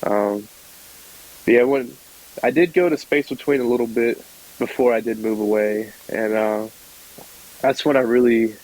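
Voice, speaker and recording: A man's voice: medium pitch, normal speed, long pauses, low-quality recording. Young man telling a rambling story. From Georgia, USA. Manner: rambling, filler-heavy, lively when quoting others. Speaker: podcast guest. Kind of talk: casual storytelling interview.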